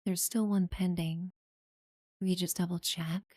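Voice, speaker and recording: In a clean studio recording without echo, a woman on the low side speaks in a steady, unhurried tone as she streams live gameplay. She chats casually and in a friendly way about her community, warmly thanking new followers with plenty of fillers.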